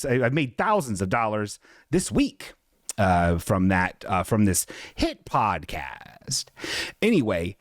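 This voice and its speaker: A man's voice: medium pitch, dry recording, clean studio sound. A man hosting a podcast, telling a comedic story with sarcastic, self-mocking humor. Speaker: podcast host.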